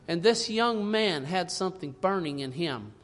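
A fervent man preaching with a notably high voice. He reads scripture in old-fashioned wording, then swings from loud emphasis to hushed asides. The sound rings with a long reverb, as in a large hall. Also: expressive, moderate pace. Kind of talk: sermon.

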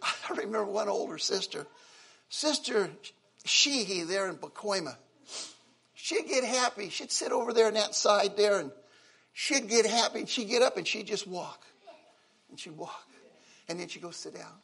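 An older man preaching a sermon, emotional, swinging from loud exclaiming to soft, quiet lines. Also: sits high, expressive, normal speed, creaky, pauses often, breathy edge. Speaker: pastor.

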